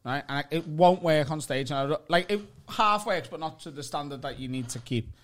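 A man's voice: on the high side, a little fast. A young man with a Liverpool accent, telling a story in casual podcast chat, acting out the other people's lines and swearing freely. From Liverpool, England. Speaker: comedian, podcast co-host.

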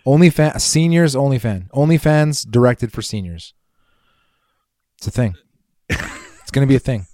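A man's voice: medium pitch, lively intonation, normal speed, dark tone, dry recording, clean studio sound. A man co-hosting a casual podcast chat, teasing and joking with frequent swearing. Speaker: podcast co-host.

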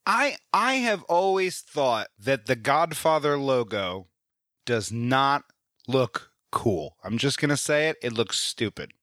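Male co-host, bright forceful voice, dry close sound, joking banter. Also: mid-range voice, expressive, takes it slowly, no room sound. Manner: joking, swears, acts out film lines. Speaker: podcast co-host. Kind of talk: casual chat about movies.

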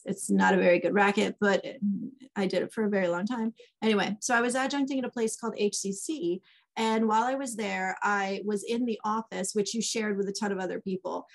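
Woman telling lively stories. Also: medium pitch, gravelly. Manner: animated, acts out quoted dialogue. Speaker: author guest. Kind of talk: casual storytelling chat.

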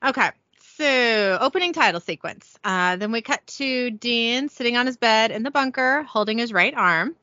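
A woman co-hosts a casual podcast. She chats along and giggles now and then while she recaps an episode, and her voice is bright and a little higher than most. The sound is dry and slightly dull, as if from a home headset mic. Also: animated, normal speed, few pauses, no room sound. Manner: chatty, giggly, reads out lines of dialogue. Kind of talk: casual chat. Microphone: headphones with a home mic.

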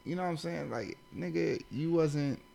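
A man's voice: on the high side, moderate pace, gravelly, mellow. Profane young man from Los Angeles. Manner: loose, profane storytelling with frequent asides. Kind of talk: casual chat.

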